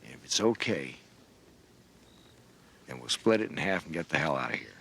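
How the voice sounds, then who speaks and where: An actor playing an older, cynical border patrol agent who talks in a dry, understated way in a film. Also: male voice, a bass voice, sing-song, moderate pace, creaky, sharp tone, breathy edge, full character voice. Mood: persuasive. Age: middle-aged. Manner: world-weary, dry and understated. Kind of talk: film dialogue.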